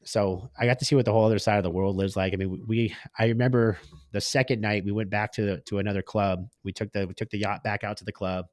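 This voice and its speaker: Deep-voiced man telling stories casually. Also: dry recording, studio quality. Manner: slangy and candid, acts out quoted dialogue. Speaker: podcast guest, business owner. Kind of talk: casual storytelling in conversation.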